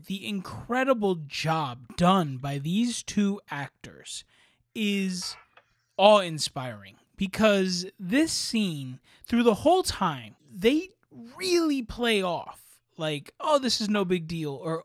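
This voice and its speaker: A man's voice: sits high, no echo, clean studio sound. A man co-hosting a podcast, earnestly and passionately praising a film's acting in casual chat. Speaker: podcast co-host. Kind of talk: casual film review chat.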